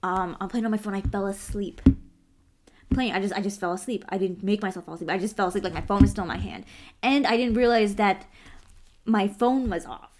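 A woman's voice: mid-range voice, a little fast, a little mellow, a little hiss or hum. A young American woman telling a personal story earnestly in a casual podcast conversation, full of "like" fillers. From United States. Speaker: guest.

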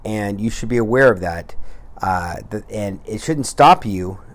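A man with a somewhat low voice hosts a motivational weight-loss podcast. He speaks bluntly and with tough love, swearing casually as he pushes the listener. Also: expressive, unhurried. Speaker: podcast host.

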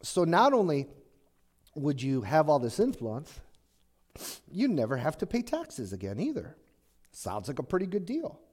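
A male pastor delivering a sermon as conversational storytelling. His voice sits a bit high and rises and falls with great animation. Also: wildly swooping pitch, measured pace, long pauses, darkish tone.

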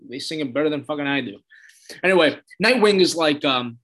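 A man's voice: fairly high pitch, lively intonation, a little fast, fairly bright tone. A man casually retelling a TV episode, loose and rambling, with lots of fillers and "he's like" quotes. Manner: loose storytelling full of "he's like", swearing and fillers. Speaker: episode recapper.

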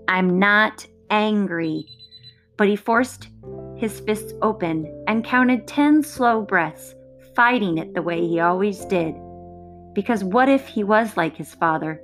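A woman reading a novel aloud in a steady, measured storytelling voice. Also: mid-range voice. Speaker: reader.

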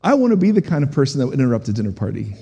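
A middle-aged man preaching a sermon as a pastor, animated and humorous, asking the congregation questions. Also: medium pitch, racing, slightly rough, highs cut off. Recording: long hall reverb.

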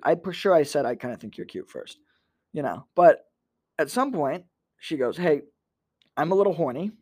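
Young male podcast host, crude comic storyteller, slightly high voice, dry close sound. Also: very animated, moderate pace, pauses often, darkish tone, no room sound. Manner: self-deprecating, crude storytelling. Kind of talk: casual comedic storytelling.

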